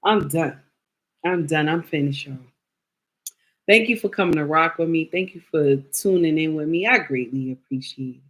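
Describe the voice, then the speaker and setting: A woman's voice: sits low, moderate pace. A woman hosting a casual livestream, chatting playfully with her viewers and calling them by name. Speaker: livestream host.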